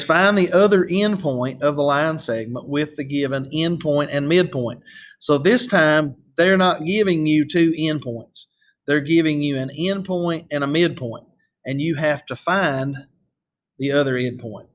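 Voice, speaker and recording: A male math teacher walks through a problem in a calm, patient voice that sits a little high for a man. He talks step by step and keeps checking in with the class. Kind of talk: screen-recorded math lesson.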